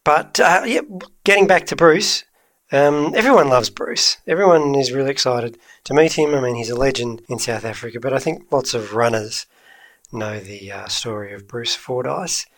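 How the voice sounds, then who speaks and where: A man's voice: medium pitch, normal speed, a bit bright, no room sound. A man co-hosting a podcast, teasing and playful in casual chat. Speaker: podcast co-host.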